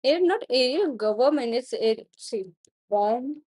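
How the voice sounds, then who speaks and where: A young woman with an Indian accent reading the news aloud on a study stream, halting and stumbling over hard words and names. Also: sits high, lively intonation, a little mellow, no echo, studio quality. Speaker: student streamer.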